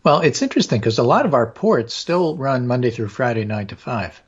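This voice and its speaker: Hoarse man talking politics, muffled sound. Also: mid-range voice, expressive, fairly quick. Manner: discursive, with frequent fillers. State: hoarse from allergies. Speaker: political talk show host. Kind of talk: casual political talk.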